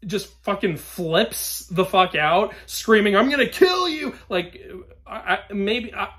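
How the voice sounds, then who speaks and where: A young man giving a ranting movie review, exasperated and swearing, swinging between loud outbursts and weary sighs. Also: high voice.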